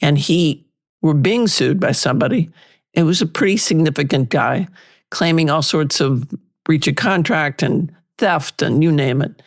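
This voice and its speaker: An older woman, a litigation lawyer and interview guest, telling lively anecdotes and acting out past exchanges. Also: sits low, unhurried. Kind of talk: storytelling in an interview.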